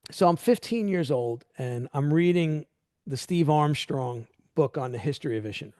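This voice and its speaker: A middle-aged man hosting a podcast, chatting casually and telling animated stories that act out quoted dialogue. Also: fairly high pitch, moderate pace, no room sound, studio quality. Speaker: podcast host. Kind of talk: casual interview chat.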